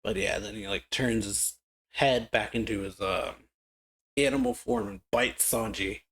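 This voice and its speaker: A man's voice: lowish voice, a little slow, fairly bright tone. A man hosting a reaction video, casually reading and commenting, hesitant with fillers. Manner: casual, hesitant, reads quotes aloud with laughs between. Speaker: reaction channel host.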